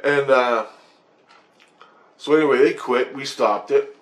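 A man's voice: medium pitch, slow. Man, blunt profane storyteller, rambling vlog delivery. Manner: profane, blunt, with frequent restarts. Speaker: vlogger sharing spiritual experiences.

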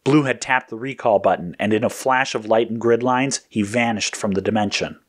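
A man reading a scripted action story aloud in a steady, descriptive manner. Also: on the low side, a little fast. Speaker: narrator.

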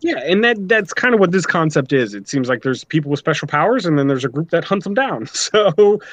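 A man's voice: on the high side, big pitch swings, a little fast, fairly bright tone, no echo. A man hosting a casual podcast, talking through his notes and giving his opinions freely. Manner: talkative, reads notes, opinionated. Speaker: podcast host.

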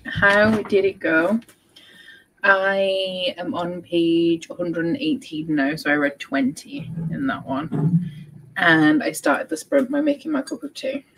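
A woman's voice: on the low side, slow pace, vocal fry, a bit bright, slight background noise, poor audio. A young woman hosting a reading livestream, chatting casually and reading out viewers' updates. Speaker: book vlogger hosting a readathon livestream. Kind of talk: casual chat.

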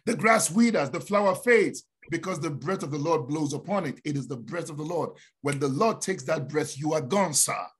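A man's voice: a little high, expressive, normal speed, few pauses, slightly rough. A man with a Nigerian accent, a pastor giving a fervent, emphatic prophetic sermon. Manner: fervent, emphatic preaching with rising declarations.

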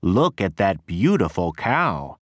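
A man voicing a strange, persuasive trader in a slow storybook reading. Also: sits low, big pitch swings, no echo, studio quality, full character voice. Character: strange man, smooth-talking bean trader.

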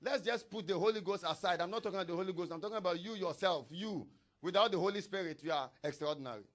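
A man's voice: high-pitched, fast talker, fairly bright tone. A man preaching a sermon in church as pastor, reading scripture aloud and breaking into tongues.

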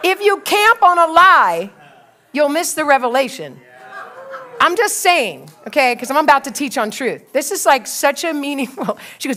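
Lively lady pastor in her 60s, high voice that jumps all over, laughing through her story. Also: moderate pace. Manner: animated and laughing, acting out her own story. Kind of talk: sermon storytelling.

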